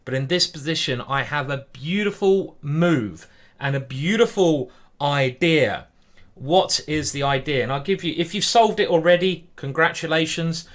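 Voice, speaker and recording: Guy chatting on a chess stream, says hi to chat a lot, bit high. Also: a little slow. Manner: chatty, greets viewers by name, lots of ums. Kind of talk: casual live-stream commentary.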